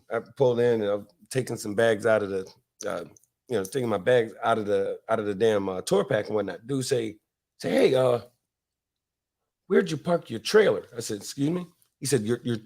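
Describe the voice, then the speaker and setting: A man's voice: on the low side, fairly quick, a little mellow. A man from Florida hosting a casual podcast, telling stories with lots of fillers, restarts and laughs. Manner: rambling, laughing, many fillers. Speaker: podcast host. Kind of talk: casual storytelling chat.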